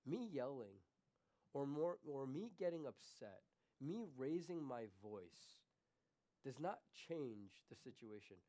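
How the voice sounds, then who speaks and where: A pastor preaching in church alternates between quiet, confessional remarks and loud, emphatic questions for the congregation. His mid-range male voice is very animated, though his pace is slow.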